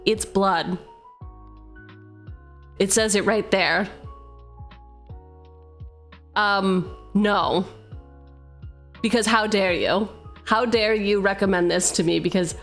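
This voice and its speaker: A woman's voice: medium pitch, takes it slowly, pauses often, a bit bright, faint music behind. A young adult woman hosting a casual live stream about building a card-game deck, playful and teasing, mixing card text with banter. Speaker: streamer host.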